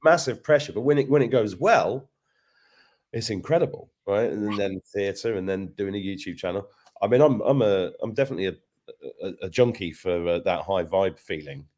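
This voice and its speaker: Rambling low-voiced male podcast host. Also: fairly quick, darkish tone. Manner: rambling, self-interrupting storyteller. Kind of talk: casual interview chat.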